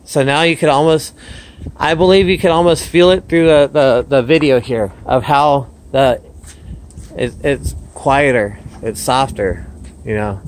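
A man's voice: mid-range voice, measured pace, rough recording. A man vlogging as a dog trainer, explaining his dogs' behaviour and calling out to them by name. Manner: upbeat, calls out to dogs between explanations. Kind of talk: casual vlog commentary. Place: outdoors in a yard with dogs.

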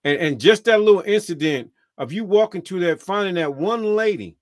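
A man's voice: high voice, expressive, normal speed, no room sound, clean studio sound. A man hosting a casual chat, affirming and repeating his phrases.

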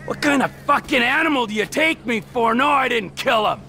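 A volatile middle-aged criminal in a video game, erratic and foul-mouthed, lurching from snarling shouts to hushed mocking taunts. The voice sits high and gravelly with a sharp, bright edge. Its pitch leaps all over. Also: male voice, lively intonation, a little fast, slight background noise, exaggerated voice. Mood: sarcastic. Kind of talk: video game cutscene dialogue.

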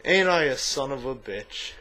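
A man's voice: medium pitch, lively intonation, measured pace, bright, forceful tone. A man delivering a comedic political monologue to camera, sarcastic and mocking, with crude asides. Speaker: political vlogger.

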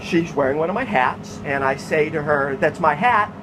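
A man's voice: a little high, expressive, moderate pace, background noise. A man and homeless activist recounting a robbery to an official in an agitated, profane, insistent way. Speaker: homeless activist telling his story.

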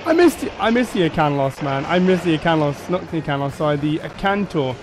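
A man commentating his own gameplay, excitable and quick to shout and laugh at the game. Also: fairly high pitch, background noise. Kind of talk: let's play commentary.

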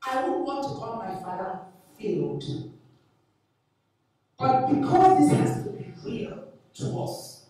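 A woman's voice: sits high, very animated, takes it slowly, long pauses, warm tone. A woman in her forties, a family teacher giving an earnest, impassioned talk to an evening audience and repeating her points for emphasis. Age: 40s. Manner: earnest, repetitive, builds to emotional emphasis. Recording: very echoey hall, distant mic.

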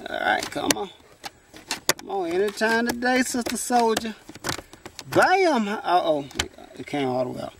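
A chatty man, pitched high for a man, walks viewers through a repair from inside a parked car, exclaiming as he goes. His camera sits close while he works, with a faint hiss behind him. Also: big pitch swings, normal speed, gravelly. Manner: chatty, exclaims often, talks straight to viewers. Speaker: vlogger. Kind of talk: casual how-to car repair vlog.

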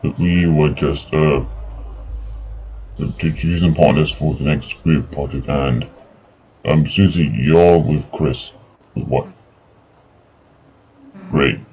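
A man playing a video game and reading the characters' lines aloud in his own voice, halting and full of fillers, on a dull lo-fi mic. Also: a bass voice, fairly even intonation, husky. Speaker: gaming YouTuber. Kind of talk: let's play, reading game dialogue aloud. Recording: dull lo-fi mic with faint music.

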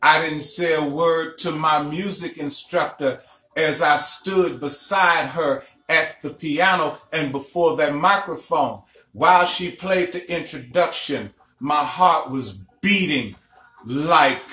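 A man's voice: fairly high pitch, pushed and bright. A middle-aged man from Illinois, a spiritual teacher giving a recorded lecture broadcast. He tells stories emphatically and keeps checking in with his listeners. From Illinois, USA. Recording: echoey room, faint music behind.

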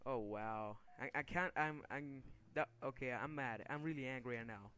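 A young man talks over a video game at a middle pitch, quick to anger, cursing and venting as he plays. Faint background noise sits under his voice. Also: a bit bright. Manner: frustrated, swearing, easily angered outbursts. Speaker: gaming video creator. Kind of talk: gameplay commentary.

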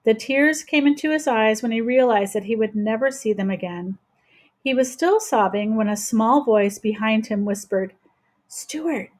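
A woman reading a children's chapter book aloud in a gentle, steady voice. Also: on the high side, normal speed. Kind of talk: children's storybook read-aloud.

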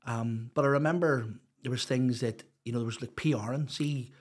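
A man's voice: mid-range voice, fairly even intonation, moderate pace. A Northern Irish man, a podcast guest, telling his life story in a rambling, open way, full of "you know". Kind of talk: casual storytelling interview.

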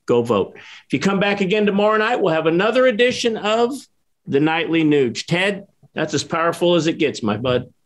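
Man, co-host, direct encouraging appeals to listeners, fairly high voice. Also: sing-song, normal speed. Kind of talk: show wrap-up, addressing listeners.

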